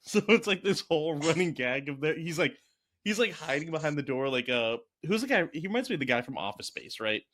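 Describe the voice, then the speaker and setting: A man co-hosting a casual movie podcast, animated and laughing often as he acts out scenes. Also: a little high, brisk. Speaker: podcast co-host. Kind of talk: casual movie review chat.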